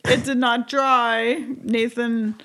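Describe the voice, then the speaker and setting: A woman's voice: on the high side, flat delivery, takes it slowly, creaky, a bit bright. A woman chatting casually on a podcast, laughing between remarks. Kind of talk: casual chat.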